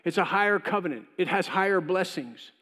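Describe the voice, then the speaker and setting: Animated preaching man in a reverberant hall. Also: sits high, a little fast. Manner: conversational preaching, acts out voices of God and Cain. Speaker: pastor. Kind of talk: sermon. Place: church.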